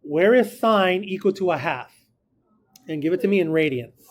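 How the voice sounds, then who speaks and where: A man's voice: high-pitched, lively intonation, moderate pace. A man teaching a math class, casual and encouraging, talking through each step aloud. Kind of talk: classroom lecture.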